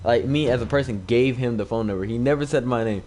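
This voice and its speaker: A young man of middling pitch tells a rambling story, leaning on "like" at every turn. He slips into other voices when he quotes people, then drops back to his easy, casual delivery. There is a faint hiss behind him on a home microphone. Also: fast talker. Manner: rambling, heavy on "like" fillers; acts out quoted lines in shifting voices. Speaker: gaming YouTuber. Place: at home, streaming live while gaming. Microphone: new desk microphone.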